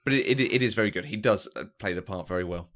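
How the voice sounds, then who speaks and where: A man co-hosts a casual film podcast, pitched a little low. He thinks aloud and circles back to rephrase as he goes. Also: fast, a bit bright. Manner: thoughtful, restarts his sentences. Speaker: podcast co-host.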